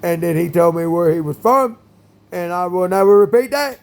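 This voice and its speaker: A man talking in a rambling monologue, full of fillers, with sudden loud bursts. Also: sits high, animated, moderate pace, creaky.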